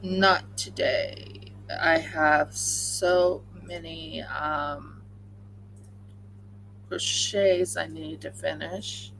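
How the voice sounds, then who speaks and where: A woman's voice: low voice, fairly even intonation, very slow, vocal fry, fairly bright tone, slight background noise, poor audio. A woman hosting a crafting livestream, chatting casually and rambling with many fillers while she crochets at home.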